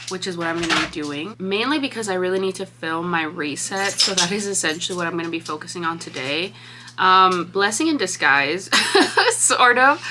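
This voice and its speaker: A young woman vlogging casually about a book she is reading, talking in an animated way, laughing often and swearing freely. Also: on the low side, slight background noise. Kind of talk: casual vlog chat.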